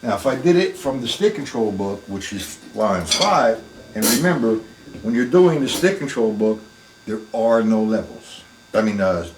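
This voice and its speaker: A man gives a drum lesson in a plain-spoken, emphatic way, calling out each stroke as he plays. His voice sits at an ordinary middle pitch. It is caught in a roomy, echoing practice room by a camera set some distance away, with faint music behind him. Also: big pitch swings, unhurried. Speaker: drum teacher. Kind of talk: live online drum lesson.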